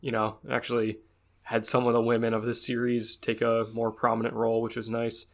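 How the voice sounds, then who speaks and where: A young man co-hosting a podcast in casual chat, who gets animated and acts out bits of dialogue. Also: medium pitch, fairly quick. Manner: animated, acts out game dialogue in raised voices. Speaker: podcast co-host.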